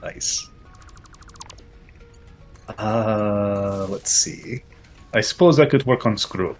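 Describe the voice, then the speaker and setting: A man's voice: lowish voice, extremely slow, faint music behind. Man in a fake Russian accent. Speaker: streamer and host. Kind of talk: casual gaming livestream chat.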